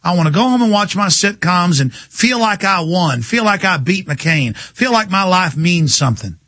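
A man hosting a talk radio show, ranting in a heated, mocking, combative way and swinging his pitch for effect. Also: animated, normal speed, a bit bright, no echo. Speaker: radio host. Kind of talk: heated on-air rant.

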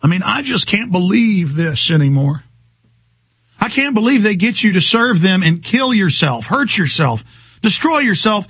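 Husky, ranting male radio host. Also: sits high, very animated, normal speed, fairly bright tone, dry recording. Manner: ranting, agitated, stumbling repetitions. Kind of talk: talk radio monologue.

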